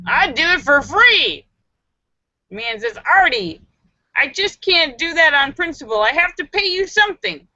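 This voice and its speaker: A woman hosting a live stream, reading viewers' jokes aloud and acting out the voices with giggly, animated delivery. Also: high-pitched, a little slow, dry recording, muffled recording. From Los Angeles area.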